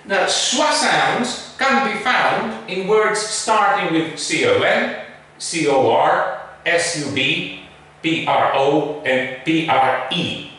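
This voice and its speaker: A high, lively male voice that speaks slowly and carefully, stressing each word as he teaches pronunciation. The tone is bright, and he sits back from the mic in a very echoey room. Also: distant mic. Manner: slow, emphatic, models words carefully. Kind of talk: English pronunciation lesson.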